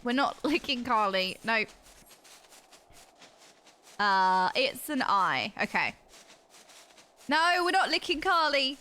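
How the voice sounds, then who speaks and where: A woman's voice: fairly high pitch, very animated, slow pace, long pauses, pushed and bright. A young woman streaming a game, chatting and giggling with her viewers. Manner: bubbly, giggly, chatty, reacting to chat. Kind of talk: casual chat with livestream viewers. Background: background music.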